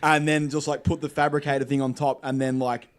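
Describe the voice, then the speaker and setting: A young man on a casual podcast, talking in rapid bursts full of "like" fillers. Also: on the high side, little pitch movement. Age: young adult. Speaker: podcast guest.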